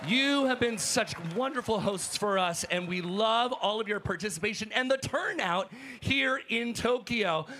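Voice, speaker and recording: A man working as a roving hype host on a crowded convention floor, energetic and calling out to fans. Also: sits high, a little slow, a little hiss or hum. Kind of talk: live event hosting.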